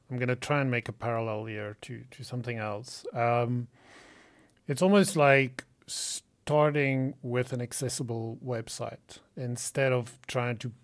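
A man hosting a podcast, asking long, rambling questions with many restarts. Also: medium pitch. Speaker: podcast host. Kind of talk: casual interview talk.

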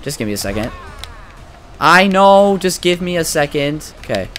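A young man giving casual, profane let's-play commentary, excitable and trash-talking the game as he plays. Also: on the high side, moderate pace, faint music behind. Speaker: gaming commentator.

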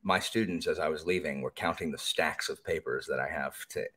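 A man's voice: extremely low pitch, brisk, sharp tone, slightly rough. A man, a podcast guest, chatting casually and animatedly, often jumping into mocking voices.

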